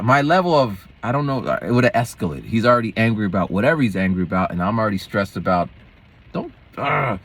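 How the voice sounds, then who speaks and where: Husky man telling rambling stories. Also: lowish voice, fairly bright tone. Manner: rambling, digressive, jumps between topics. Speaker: schoolteacher and vlogger. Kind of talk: casual vlog storytelling.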